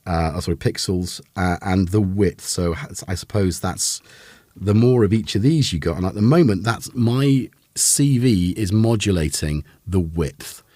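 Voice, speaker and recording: A man's voice: sits low, a little slow, mellow, no room sound. A man hosting a casual live synth demo, rambling with lots of fillers and self-corrections. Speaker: host of a synth livestream.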